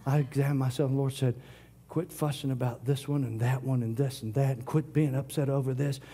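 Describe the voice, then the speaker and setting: Preacher man, dark husky voice. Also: mid-range voice, fairly even intonation, a little fast. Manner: preaching, shifts from loud declarations to hushed whispers. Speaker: pastor. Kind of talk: sermon.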